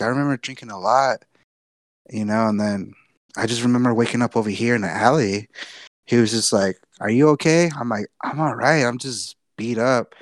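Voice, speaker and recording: A man's voice: mid-range voice, no room sound, studio quality. A young man from Texas telling a long personal story on a podcast, casual and profane, often repeating himself. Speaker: podcast co-host.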